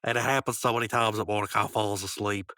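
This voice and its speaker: Man, podcast host, bright tone, teasing and rambling, dry close mic. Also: lowish voice, steady tone, quick pace, no room sound. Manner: teasing, rambling, acts out lines. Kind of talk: casual recap chat.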